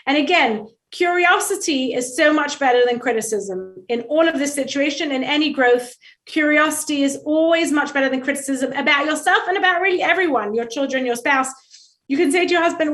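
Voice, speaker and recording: A woman speaking as a guest expert on a talk show, giving animated advice and acting out little quoted exchanges. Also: high-pitched, a little fast. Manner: lively, acts out quoted dialogue, rhetorical asides.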